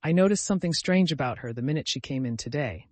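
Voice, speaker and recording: A man's voice: on the high side, expressive, fast, darkish tone, dry recording. A man voicing an irritable older uncle in an audiobook, snorting and indignant. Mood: angry. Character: blustering older uncle, quick to anger.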